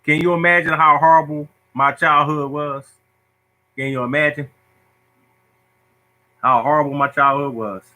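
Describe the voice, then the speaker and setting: A man hosting a lottery show, casually telling stories to viewers in an animated, joking, self-mocking way. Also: on the high side, normal speed, long pauses, low-quality recording.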